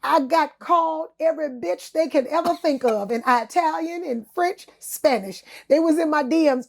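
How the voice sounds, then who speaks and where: A woman's voice: sits high, moderate pace, gravelly, few pauses. A woman, a singer and talk show host, telling candid stories as a podcast guest in a casual, slangy way, calling the listener honey and baby, often laughing and acting out what other people said. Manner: animated, laughing, acts out other people's words. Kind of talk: candid storytelling interview chat.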